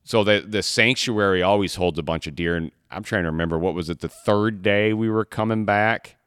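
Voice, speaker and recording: A man's voice: fairly low pitch, brisk, fairly bright tone, smooth, no room sound, studio quality. A man from Michigan telling a hunting story in a casual podcast chat, rambling and restarting his sentences often. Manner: rambling, repeats words, many restarts. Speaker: podcast co-host, hunter.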